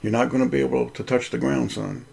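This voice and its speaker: A man voicing a loving young father, speaking gently and reassuringly to his small son in a story reading. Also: mid-range voice, steady tone, fast talker, gravelly, slightly rough. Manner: gentle, soothing.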